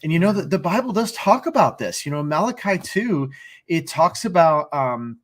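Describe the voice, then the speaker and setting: A man's voice: fairly high pitch, very animated, normal speed. A middle-aged man co-hosting a marriage ministry talk, earnestly teaching from scripture in a preacherly way, often restarting his sentences.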